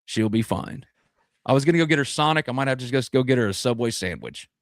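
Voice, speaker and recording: A rambling man in his thirties hosts a casual sports chat at a mid pitch. His voice is dry and close, with no room sound. He talks loosely and fills gaps with fillers. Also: animated, quick pace, no room sound. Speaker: podcast host.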